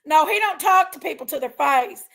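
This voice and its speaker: A high-pitched woman with a gravelly, fry-laden edge to her voice. She rants to her viewers in a heated, casual stream. She sounds fired up and keeps reminding herself to calm down. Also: normal speed. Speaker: online commentary streamer.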